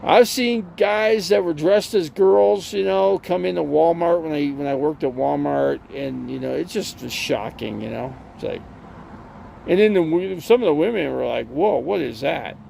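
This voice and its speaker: A man's voice: on the high side, normal speed, creaky, darkish tone, a little hiss or hum. A man streaming from an RV, chatting casually and rambling through stories with lots of fillers and restarts. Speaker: live streamer.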